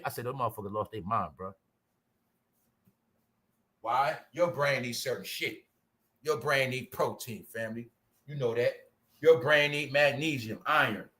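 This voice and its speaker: A man's voice: on the high side, sharp tone. A man hosting his own channel, delivering profane, combative commentary to a live chat and peppering it with rhetorical questions. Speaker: channel host.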